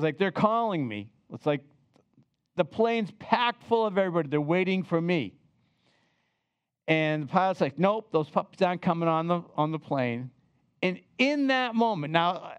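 An older man telling a personal travel story in a lively, chatty way, often turning to the listeners to share a memory. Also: high-pitched, clear, resonant tone, dry recording. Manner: animated, chatty, asks the listeners to remember with him.

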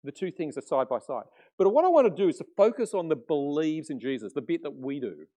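Animated pastor preaching, man. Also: fairly high pitch, fast talker. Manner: conversational, animated storytelling with acted quotes. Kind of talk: sermon.

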